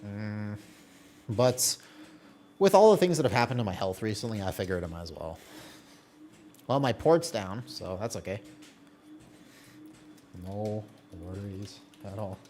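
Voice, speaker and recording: Animated man chatting on a game stream. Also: fairly low pitch, measured pace, pauses often. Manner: chatty, reads and answers viewer chat while playing; laughs often, trails off mid-sentence. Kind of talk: casual live-stream chat.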